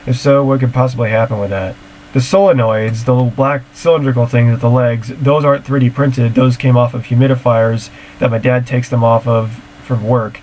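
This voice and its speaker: A man's voice: medium pitch, steady tone, fairly quick, darkish tone, slight background noise. Matter-of-fact man talking siren tech. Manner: matter-of-fact, technical, rambling. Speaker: siren-hobby video creator. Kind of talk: casual reaction and Q&A talk. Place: home, screen recording.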